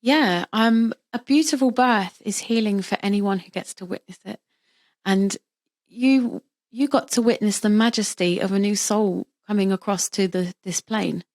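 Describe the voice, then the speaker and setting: A middle-aged woman, a birth practitioner, talking casually as an interview guest and explaining with lively, vivid examples. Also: mid-range voice, moderate pace.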